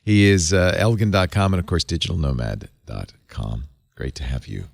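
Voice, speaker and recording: A middle-aged man hosting a tech talk show, animated and conversational. His voice sits low but moves a lot. The sound is close and dry. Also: normal speed, vocal fry, dry recording. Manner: animated, conversational, laughs often. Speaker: show host. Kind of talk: casual panel chat and read advertisement.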